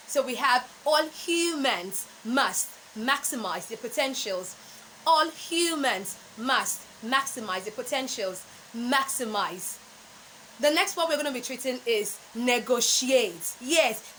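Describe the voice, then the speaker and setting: Nigerian lady speech coach, slightly high voice, repeats words slow and deliberate, faint hiss behind. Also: fairly bright tone, poor audio. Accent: Nigerian English. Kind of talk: pronunciation lesson.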